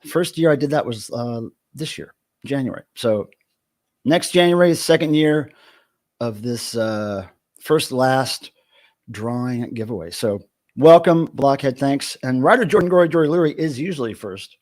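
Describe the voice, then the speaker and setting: A man's voice: medium pitch, measured pace, a little mellow. A middle-aged man hosting a casual livestream, joking around and greeting chat viewers by name. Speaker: livestream host.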